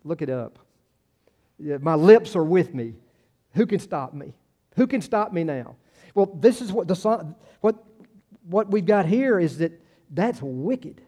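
A man delivering a sermon in a loose, conversational manner, circling back over his own phrases before pressing a point. His voice sits a little high but sounds mellow and warm. He often drops to a quieter aside, then lifts his voice for the key lines. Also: animated, a little slow, long pauses. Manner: conversational preaching, trails off and restarts, rises for emphasis. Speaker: pastor.

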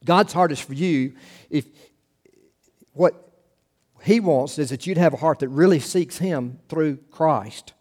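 A middle-aged male pastor preaching a sermon, earnest, rising to emphatic quotes and dropping to hushed asides. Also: on the high side, slow pace, pauses often.

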